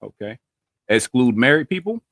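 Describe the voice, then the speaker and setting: A man's voice: medium pitch, big pitch swings, normal speed, a bit bright, dry recording. A man hosting a podcast, running a playful dating quiz with friends over a video call, teasing and using loose slang. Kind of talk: casual group chat on a video call.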